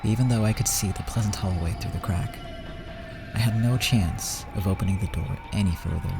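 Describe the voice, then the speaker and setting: A man's voice: deep voice, fairly quick, gravelly, over music. A man streaming a visual novel playthrough, narrating it in the first person with dramatic reading that sinks to whispers at tense moments.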